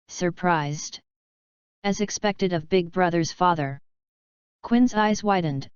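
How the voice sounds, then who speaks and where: A woman narrating a fanfiction audiobook in an even, unhurried reading. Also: on the low side, clear, resonant tone, dry recording. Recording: dull lo-fi recording.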